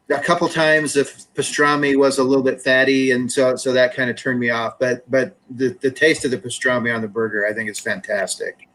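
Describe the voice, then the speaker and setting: A man's voice: medium pitch, bright, forceful tone, rough recording. A man in casual chat, easygoing and agreeable as he weighs in on the food.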